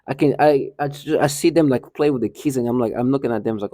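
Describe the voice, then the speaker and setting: Man, agitated ranting vlogger, darkish mellow voice, repeats and restarts a lot, dry sound. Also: medium pitch, quick pace, no room sound. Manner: indignant, repetitive, frequent restarts and stumbles. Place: indoor building hallway.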